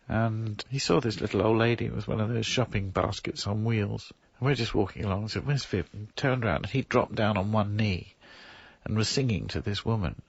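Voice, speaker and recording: A man's voice: on the low side, vocal fry, breathy edge, no room sound. A man, a musician, recalling an anecdote in an interview with good humor. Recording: dull, dry lo-fi recording.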